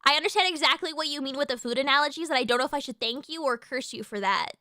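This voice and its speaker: High, bright-voiced excitable woman streamer. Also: rapid-fire, no room sound, clean studio sound. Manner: excitable, swears freely, lots of fillers and restarts. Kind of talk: casual live-stream chat, reacting to chat.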